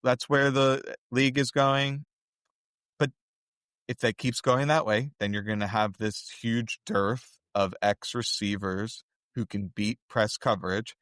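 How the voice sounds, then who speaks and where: A man's voice: mid-range voice, steady tone, a little slow, a bit bright, smooth, dry recording, studio quality. Analytical male podcast co-host. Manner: analytical, talks in long run-on explanations. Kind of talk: casual chat.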